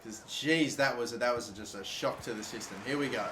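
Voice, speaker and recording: A young man commentating his own football video game match, swearing and exasperated, shouting at his players' mistakes. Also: medium pitch, a little fast. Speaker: gaming YouTuber. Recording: echoey room with faint noise.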